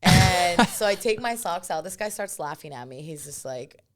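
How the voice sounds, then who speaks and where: Profane, animated young woman telling stories. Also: on the low side, moderate pace. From California. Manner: animated, profane, laughs often, acts out quotes. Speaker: comedian and podcast guest. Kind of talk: casual storytelling chat.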